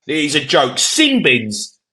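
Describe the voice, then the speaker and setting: A man rants through a heated football debate, loud and exasperated. His voice is bright and sharp, leaping from low grumbles to high outbursts. He sounds fed up and keeps pressing his point. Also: wildly swooping pitch, a little slow. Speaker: podcast co-host.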